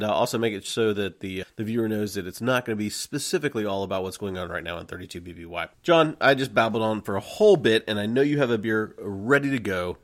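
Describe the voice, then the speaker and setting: A man co-hosting a podcast, chatting casually in a rambling, excitable way and laughing often. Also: lowish voice. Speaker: podcast co-host. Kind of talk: casual chat.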